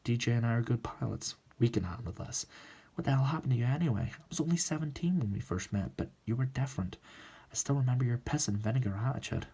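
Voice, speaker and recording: A man voicing a determined young woman submarine pilot in a forceful, defensive manner, as a whispered role-play. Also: medium pitch, fast talker, vocal fry, slightly rough. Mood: challenging.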